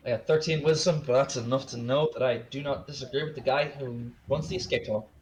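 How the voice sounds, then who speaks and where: A man's voice: mid-range voice, fairly even intonation, fast, noisy background. A man playing a tabletop game over voice chat, chatting in a laughing, easygoing way. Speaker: player.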